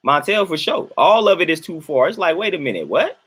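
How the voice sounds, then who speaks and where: A man's voice: a little high, very animated, fairly quick, a bit bright, husky. A young adult man, casually talking to his livestream chat, colloquial and repeating himself for emphasis. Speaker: livestream host reading chat.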